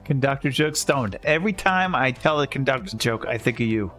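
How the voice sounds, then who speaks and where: A man's voice: medium pitch, lively intonation, fairly quick, few pauses, a bit bright, soft background music. A man livestreaming a game, telling dad jokes in a rambling, self-amused way. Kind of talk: casual chat while gaming.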